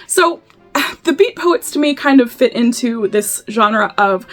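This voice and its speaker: A woman's voice: a little high, lively intonation, takes it slowly, soft background music. A woman reading poems aloud with casual, playful and irreverent commentary, as host of her own show. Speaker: poetry reader and host.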